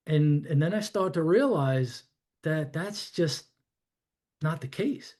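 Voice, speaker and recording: A man's voice: fairly high pitch, animated, unhurried, darkish tone. A man in his fifties from New York, telling his life story to a podcast host in a rambling, reflective way, with plenty of "you know" and "I'm like.". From New York, USA. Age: 50s. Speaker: podcast guest. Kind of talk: candid personal storytelling in conversation.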